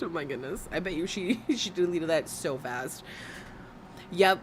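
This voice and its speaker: A woman's voice: fairly low pitch, lively intonation, a little slow, background noise. A woman commentating on clips in a reaction video, sarcastic and blunt with profane rants.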